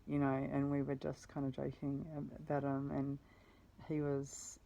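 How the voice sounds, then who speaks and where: A woman's voice: a bass voice, completely flat delivery, normal speed, gravelly, warm tone, a little hiss or hum, poor audio. A woman telling a personal story in a meandering way, often correcting herself and swearing casually. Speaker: vlogger.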